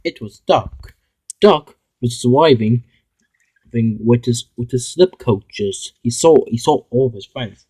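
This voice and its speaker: A man narrating a homemade toy-train story, halting with frequent restarts. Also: mid-range voice, mellow, slightly rough, rough recording.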